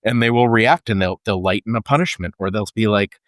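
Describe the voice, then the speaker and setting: A man's voice: lowish voice, a little fast, a bit bright, smooth, no room sound, clean studio sound. A man co-hosting a podcast, talking in earnest and thinking aloud with frequent restarts. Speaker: podcast co-host. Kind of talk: casual conversational podcast.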